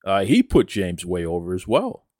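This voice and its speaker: Low-pitched and dark in tone, this man's voice swoops wildly in pitch at a moderate pace, recorded dry at studio quality. He's a podcast host from Boston with a rhotic New England accent, enthusiastically chatting about wrestling, addressing "folks," and doing an ad read in a casual monologue.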